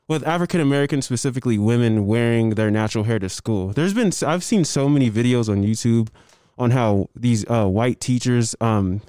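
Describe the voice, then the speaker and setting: A man's voice: mid-range voice, dark tone, smooth, dry recording, studio quality. A young man co-hosting a podcast, talking loosely in casual chat with easy slang. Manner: laid-back, laughs often, loose slang. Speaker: podcast co-host.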